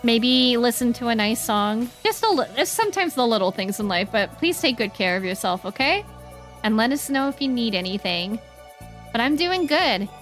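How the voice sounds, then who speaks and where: Chatty young woman streamer, higher voice. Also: sing-song, normal speed, a bit bright. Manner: chatty and earnest, with playful silly noises. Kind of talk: casual chat with stream chat. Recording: faint music behind the voice.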